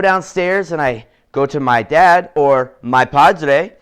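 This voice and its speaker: A man teaching a children's language lesson, encouraging and deliberate, drawing out each model word for the kids to repeat. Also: a little high, a bit bright, clean tone. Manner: encouraging, slow and deliberate with drawn-out model words.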